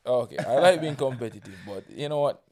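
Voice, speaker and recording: A man's voice: medium pitch, lively intonation, brisk, a little mellow. A young Jamaican man co-hosting a casual podcast chat, playful and teasing. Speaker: podcast co-host.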